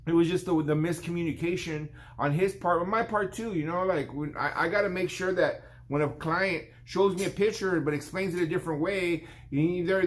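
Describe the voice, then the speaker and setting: A man in his fifties with a somewhat high voice tells a story from his barbershop. He rambles casually, repeats himself and restarts, and puts on a client's voice in snatches. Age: 50s. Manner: rambling, acts out the client's lines in a raised voice. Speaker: barber and vlog host.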